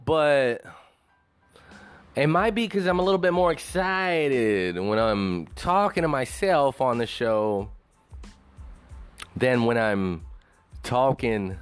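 A man talks alone on his own show in a loose, rambling rant, swearing freely as he drifts off topic. His pitch jumps up and down a lot, and faint music plays behind him. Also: slow, long pauses, smooth. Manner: rambling, profane, animated. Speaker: show host. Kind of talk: casual solo commentary.

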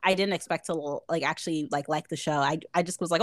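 Chatty low-voiced woman podcast co-host. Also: fairly even intonation, quick pace, a bit bright, no room sound. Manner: chatty and gushing, heavy use of "like". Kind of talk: casual chat.

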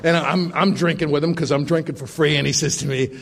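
A man's voice: fairly high pitch, fairly even intonation, fast talker, fairly bright tone. A middle-aged man sharing his recovery story at a meeting, with wry, self-mocking humor.

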